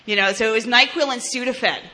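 A woman's voice: a little high, fairly quick, sharp tone. A woman, frankly telling her own recovery story, blunt and swearing, with restarts and laughs. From New Jersey, US. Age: 30s. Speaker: recovery speaker. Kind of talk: candid personal testimony.

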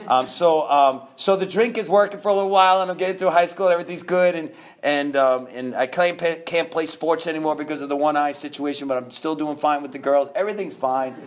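A man in his fifties from New York, a guest telling his own story candidly, rambling with restarts and laughs. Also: fairly high pitch.

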